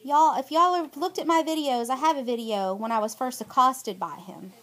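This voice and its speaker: A middle-aged woman with a drawl and a high voice records an aggrieved personal statement for her viewers. Her delivery is emphatic and pleading. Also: moderate pace, a bit bright. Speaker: vlogger.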